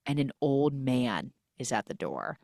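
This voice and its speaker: A woman hosting a podcast, retelling a film's plot in a lively, animated way. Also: extremely low pitch, a little slow, creaky, no echo, studio quality. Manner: animated storytelling, acts out quoted lines. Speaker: podcast host. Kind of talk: casual movie recap.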